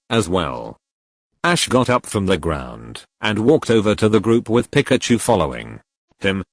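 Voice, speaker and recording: A man narrating a fan fiction story in an even storytelling read. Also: fairly low pitch, dry recording.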